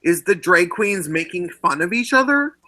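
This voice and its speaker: A man hosting a casual chat after a movie, talking in animated, rambling bursts with many restarts, on a wireless clip-on mic. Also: high voice, moderate pace, low-quality recording. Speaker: vlog host. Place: indoors after a film screening.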